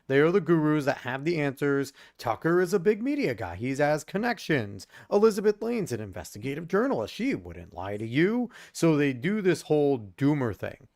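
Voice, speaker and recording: A male co-host with a mid-range voice makes his case with steady emphasis. He talks in casual commentary, building his argument point by point. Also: medium pitch, normal speed, few pauses. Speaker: podcast co-host.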